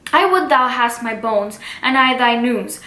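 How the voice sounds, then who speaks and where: A woman's voice: fairly high pitch, measured pace, pushed and bright, reverberant. A woman reading aloud as the Nurse, a complaining, dawdling old woman servant, mostly in her own plain voice. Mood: grumbling.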